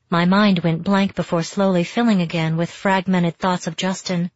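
A woman narrating a novel in the first person with steady, reflective storytelling, on a dry, dull recording. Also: fairly low pitch, normal speed, few pauses, no echo. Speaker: audiobook narrator.

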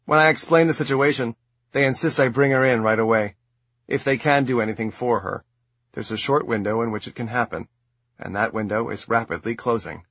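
A man reading a first-person memoir aloud in a measured, quiet and intimate way. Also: mid-range voice, breathy edge, no echo, dull audio. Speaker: audiobook narrator.

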